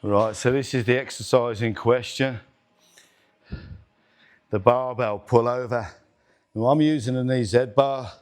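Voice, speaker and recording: A man's voice: medium pitch, a little slow, long pauses. Man, middle-aged, gym vlog host, counts reps, swears and groans mid-set, indoor gym. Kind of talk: workout demonstration vlog.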